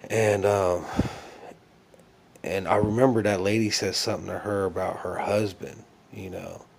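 Lowish man rambling through a dream story. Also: steady tone, a little slow, creaky, background noise. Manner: rambling, many fillers and restarts; earnest, reflective.

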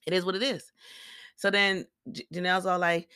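Sassy, bright-voiced podcast host. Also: medium pitch, smooth, dry recording, clean studio sound. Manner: animated, acts out others' quotes in quick voices; blunt and sassy, heavy swearing. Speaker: podcast host reviewing a reality show. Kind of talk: casual profane recap monologue.

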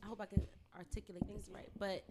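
A young woman guest in a casual podcast chat, animated and emphatic when making her point. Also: medium pitch, fast, background noise. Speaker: guest intern.

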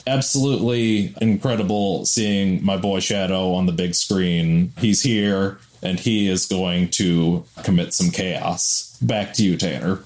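Excited young man gushing casually. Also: low voice, unhurried, few pauses. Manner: excited, profane, self-deprecating. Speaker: podcast co-host. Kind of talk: casual film chat.

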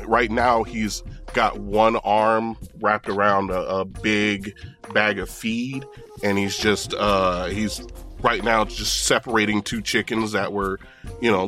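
Low-ish guy running a tabletop game, chill descriptive narration, some ums. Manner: relaxed, descriptive, with filler words. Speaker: game master.

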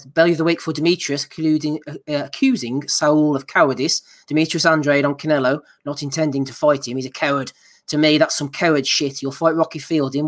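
A man hosting a casual boxing podcast, reading out listener nominations with dry, mocking asides. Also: fairly high pitch. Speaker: podcast host.

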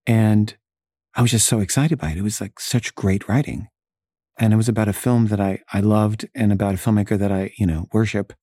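A man's voice: lowish voice, fairly even intonation, fairly quick, mellow, no room sound, clean studio sound. A man casually telling a personal story, full of "like" and "you know" fillers. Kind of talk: casual anecdote. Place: San Francisco resident in the past, not now.

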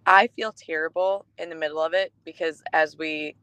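A woman co-hosting a podcast, telling stories in casual chat, warm and emotional, with many restarts. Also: sits low, steady tone, moderate pace, clear, resonant tone, no echo, low-quality recording. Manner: chatty storytelling with restarts, emotional. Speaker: podcast co-host.

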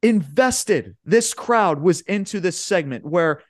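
Male podcast co-host, hyped rambling recapper, swears a lot, slightly high voice. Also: slow pace, dry recording, clean studio sound. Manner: excitable, swears often, says "bro" and "man"; rambling play-by-play retelling. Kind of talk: casual chat.

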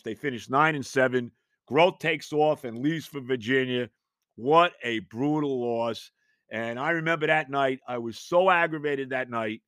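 A man's voice: medium pitch, fairly bright tone, no echo, studio quality. A man in his fifties, a podcast host, telling rambling, exasperated stories in a casual monologue. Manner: rambling, exasperated, self-mocking.

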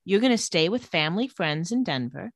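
A woman co-hosting a podcast, recapping a TV episode in casual chat and retelling scenes in a flat, lowered voice. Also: fairly quick, dry recording, clean studio sound.

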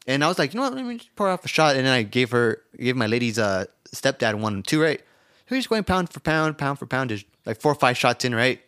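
A man's voice: mid-range voice, fast talker, clear, resonant tone. A young man co-hosting a podcast, telling a rowdy story in casual chat, laughing often and acting out the lines he quotes. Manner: laughing, animated storyteller who acts out quotes. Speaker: podcast co-host.

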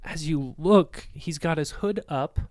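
A man's voice: fairly high pitch, takes it slowly, darkish tone, no echo, studio quality. A man narrating a tabletop game as game master, rambling with many hesitations and frequent laughs.

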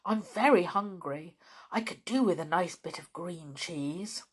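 A woman voicing a timid, greedy little male mouse in a storybook reading, with a squeaky, fretful, stammering manner. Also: a little slow, breathy edge. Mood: greedy musing.

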